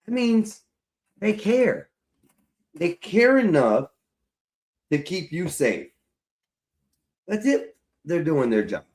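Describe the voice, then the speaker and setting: A man's voice: a little high, very animated, slow, pauses often, a little mellow. A man chatting casually to viewers on a live stream, loose and profane, rambling and talking to his audience as y'all. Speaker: livestreamer. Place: at home, fixing his hair on camera.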